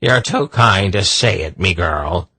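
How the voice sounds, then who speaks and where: Gravelly grumpy old hunchback wizard , narrator doing the voice, husky and a bit higher, audiobook. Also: male voice, animated, takes it slowly, pushed and bright, dry recording, full character voice. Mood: teasing. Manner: gruff, then lilting brogue in disguise. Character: grumpy gnarled old hunchback sorcerer, male.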